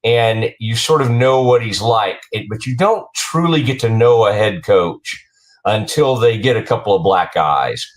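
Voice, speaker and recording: A man hosting a sports talk show, asking rambling questions with many halting restarts. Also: lowish voice, lively intonation. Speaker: show host.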